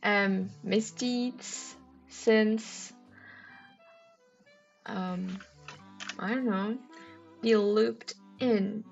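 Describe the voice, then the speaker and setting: A woman streams her crossword solve, voicing clues and wondering aloud about answers with many hesitant ums. Her medium-pitched, creaky voice stays fairly even, stretches out words, and pauses often. Faint music sits behind the dull, lo-fi recording.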